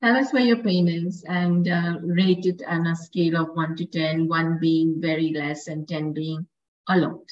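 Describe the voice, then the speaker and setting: A woman healer leading a session in a calm, gently instructive way. Her voice is muffled and a little lo-fi. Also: low-pitched, a little slow. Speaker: guest healer. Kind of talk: guided healing session.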